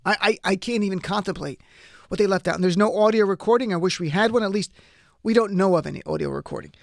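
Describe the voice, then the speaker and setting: A man's voice: sits high, fast, creaky, dry recording, clean studio sound. A man hosting a political talk show, delivering a wry, incredulous commentary monologue straight to his listeners.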